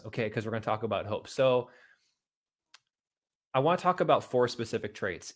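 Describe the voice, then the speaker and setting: A middle-aged man talks straight to his viewers in a motivational style. He is earnest and repeats his points, then pushes them home with emphatic bursts. His voice sits in an ordinary middle pitch. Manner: earnest, repeats himself, builds to emphatic outbursts. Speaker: motivational video host. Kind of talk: motivational talk to camera.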